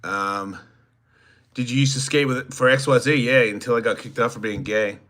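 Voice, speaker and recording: A man's voice: medium pitch, normal speed, fairly bright tone. A man in his fifties with an Australian accent, hosting a casual livestream and joking crudely while reading viewer comments aloud. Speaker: host reading live chat.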